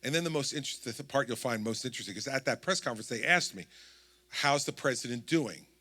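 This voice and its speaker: A man's voice: medium pitch, expressive, fast, sharp tone. A man in his sixties with a New Jersey accent, telling a story at a campaign town hall and acting out the dialogue. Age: 60s. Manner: storytelling, acts out quoted dialogue. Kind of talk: anecdotal campaign speech.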